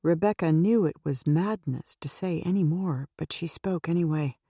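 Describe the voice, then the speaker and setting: A woman reading a suspense audiobook in a steady, measured way into a close microphone. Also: low-pitched, husky, dry recording. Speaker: audiobook narrator. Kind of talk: scripted audiobook narration.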